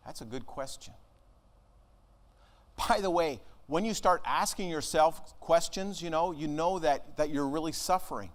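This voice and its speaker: A man, an American minister, preaching a conversational sermon in a church, earnest and dropping to a hush at times. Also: fairly high pitch, normal speed. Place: church sanctuary.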